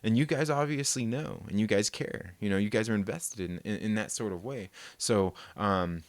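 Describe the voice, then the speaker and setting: A man's voice: lowish voice, moderate pace, no room sound. A man, hosting a casual live stream, rambling and reading viewer comments with lots of laughs. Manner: rambling, laid-back, laughs often.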